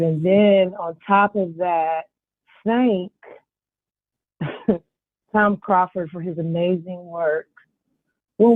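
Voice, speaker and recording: A tired woman calling in to give a blunt, indignant public comment, her voice a little husky. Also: fairly low pitch, dry recording. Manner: indignant, blunt, pointed questions. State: tired, yawning. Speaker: caller giving public comment. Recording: tinny phone line, dry.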